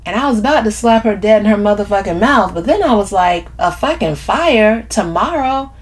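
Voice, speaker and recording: A woman's voice: medium pitch, animated, moderate pace, voice pushed up, close to an everyday voice. A woman voicing a brash, foul-mouthed old college friend in an audiobook, blunt and profane. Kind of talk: audiobook character reading.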